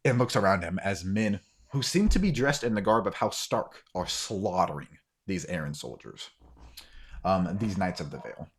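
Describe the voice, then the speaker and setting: Low-voiced man narrating a tabletop game. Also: a little hiss or hum. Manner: loose storytelling with many ums, sniffing. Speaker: game master.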